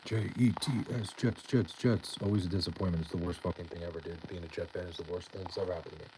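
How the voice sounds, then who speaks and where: Young man, very low voice, laid-back, deadpan, swears a lot, faint background noise. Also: fast. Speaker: live streamer reading chat. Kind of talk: casual live-stream chat.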